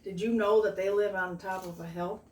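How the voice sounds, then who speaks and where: A woman reading a children's storybook aloud as a guest, animated and sing-song, asking the kids questions. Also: medium pitch, a little fast. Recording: roomy, distant mic.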